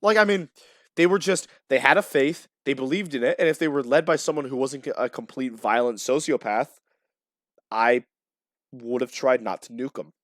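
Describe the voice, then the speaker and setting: A man from Florida hosts a loose gaming chat in a blunt, opinionated way, cursing often. His voice sits in an ordinary middle pitch, and the recording is dry and close, with no room sound. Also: moderate pace, no echo. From USA, Florida. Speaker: podcast host.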